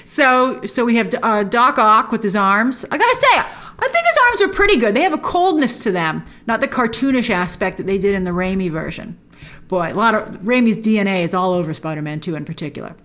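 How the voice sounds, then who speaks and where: A woman hosting a trailer breakdown, chatty and opinionated, with excited asides. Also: mid-range voice, fairly quick. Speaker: host.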